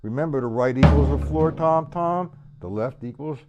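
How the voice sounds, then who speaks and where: The highs are cut off in this recording of a live-streamed drum lesson, where loud drumming sits behind a man's fairly high voice. At a moderate pace, he casually repeats words and counts beats aloud as he plays the kit.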